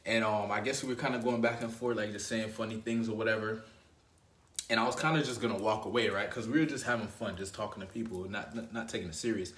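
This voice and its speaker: A man's voice: on the low side, fairly even intonation, fast talker, fairly bright tone, far from the mic. A man telling a personal story in a casual, rambling way, often checking in with "right?" and "you know what I mean". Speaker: dating advice host. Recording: roomy echo.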